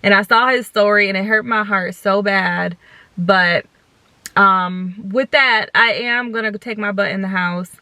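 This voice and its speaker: A woman's voice: medium pitch, measured pace, pushed and bright, clean tone, dry recording. A young woman vlogger talking earnestly and directly to her viewers, recording from a parked car. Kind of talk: casual chat to camera.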